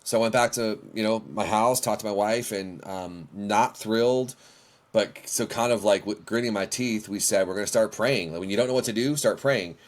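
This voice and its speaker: A middle-aged man with a fairly low voice tells stories from his own life. He talks in an animated way and acts out what he said back then. He speaks as the guest of an interview podcast. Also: normal speed. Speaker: worship leader, guest.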